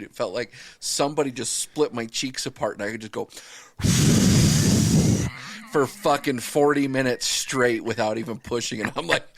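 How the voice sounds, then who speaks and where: A man's voice: mid-range voice, no echo. A middle-aged man co-hosting a podcast, telling a crude story full of swearing and laughter. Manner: profane, laughing, animated storytelling. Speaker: podcast co-host.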